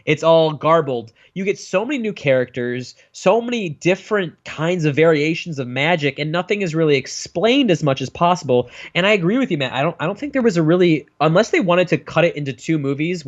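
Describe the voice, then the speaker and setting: A man co-hosting a casual film review chat, animated and swearing freely. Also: fairly high pitch. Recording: dull lo-fi sound.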